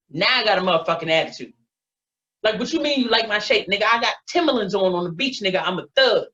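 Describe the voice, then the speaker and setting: Profane stand-up woman, lo-fi. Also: on the low side. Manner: profane, animated storytelling. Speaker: stand-up comedian. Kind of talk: stand-up set on a video call. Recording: dull lo-fi online audio.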